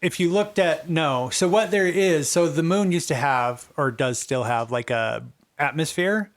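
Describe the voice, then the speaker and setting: A man narrating as game master of a tabletop game, relaxed and quick to laugh. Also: fairly high pitch.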